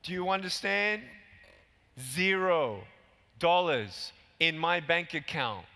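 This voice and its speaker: A man in his thirties giving a motivational keynote speech in a large convention hall, talking emphatically and climbing high on key points. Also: expressive, takes it slowly, creaky, bright, forceful tone. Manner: emphatic, punchy, rises high when stressing points. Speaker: keynote speaker. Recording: hall reverb from arena PA.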